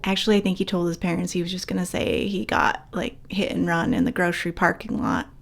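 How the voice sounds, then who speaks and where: A woman's voice: fairly low pitch, sing-song, fast talker, vocal fry. A middle-aged woman co-hosting a podcast, telling a story in a wry, self-deprecating way. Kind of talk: casual storytelling.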